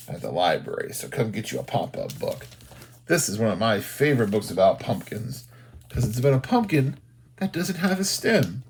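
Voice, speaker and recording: A man, a children's librarian, doing an animated storytime read-aloud and talking to young children. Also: medium pitch, vocal fry, breathy edge. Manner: animated, sing-song, talks to young children.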